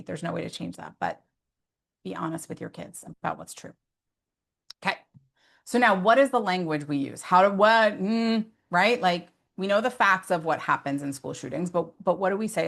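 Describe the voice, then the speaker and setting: Parenting educator, female, slightly low voice, earnest and conversational, peppers talk with asides. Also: moderate pace, gravelly, fairly bright tone. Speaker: behavior specialist.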